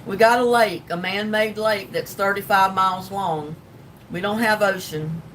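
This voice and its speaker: A woman's voice: a little slow, fairly bright tone. Folksy older Southern woman, from the mic. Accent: Southern US, North Carolina. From North Carolina. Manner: rambling, folksy, with frequent ums and laughs. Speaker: livestream host. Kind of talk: casual livestream chat reading comments. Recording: distant mic with faint rumble.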